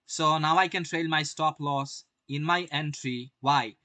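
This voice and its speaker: A man's voice: fairly high pitch, fairly even intonation, measured pace, bright, forceful tone, dry recording. Brash young man streaming trade commentary. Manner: brash, swears often, asks viewers rhetorical questions. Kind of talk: live-stream market commentary.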